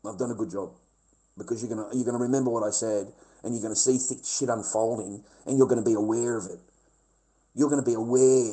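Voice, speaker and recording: A man's voice: mid-range voice, mellow, poor audio. Male livestreamer, foul-mouthed and rambling, casual rant. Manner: profane, rambling and blunt.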